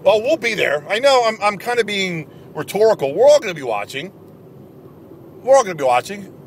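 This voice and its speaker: An angry man rants straight to camera, hammering his points over and over. His voice sits high and swings widely in pitch, with faint traffic noise outside behind him. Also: very animated, fairly quick. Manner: angry, emphatic, repetitive. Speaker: video blogger. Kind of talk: ranting sports commentary to camera.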